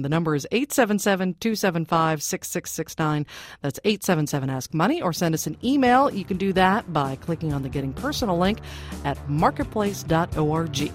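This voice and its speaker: A woman with a fairly low but very animated voice hosts a radio call-in show. She chats brightly and conversationally, reading out questions and inviting listeners to call. The sound is close and dry. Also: no room sound.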